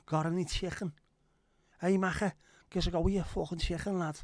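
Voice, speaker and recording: A man putting on a brash, sweary, exaggerated Scouse lad with a higher, louder voice. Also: steady tone, fairly quick, no echo, close to an everyday voice. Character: exaggerated stereotypical Liverpool lad, male, brash.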